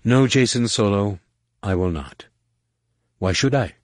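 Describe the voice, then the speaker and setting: A man voicing a calm riddling alien woman. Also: lowish voice, dry recording, clean studio sound. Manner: slow, measured, questioning. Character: calm enigmatic female alien mentor, riddling. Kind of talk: audiobook reading.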